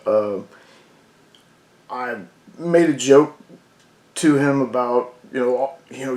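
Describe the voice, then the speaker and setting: A man's voice: mid-range voice, moderate pace, darkish tone. A man casually reviewing a comic book, rambling with many fillers. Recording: roomy echo.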